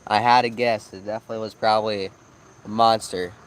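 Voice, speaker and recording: A man's voice: on the low side, steady tone, a little fast, slight background noise, rough recording. A man chatting casually on a live night fishing stream outdoors by a pond, telling fishing stories and asking viewers to choose the bait. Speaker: fishing channel co-host.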